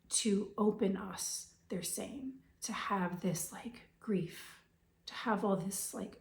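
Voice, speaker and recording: A woman with a hoarse voice giving a spiritual reading, hesitant and full of fillers, sometimes dropping to a whisper. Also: medium pitch, mellow, roomy sound. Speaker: intuitive reader.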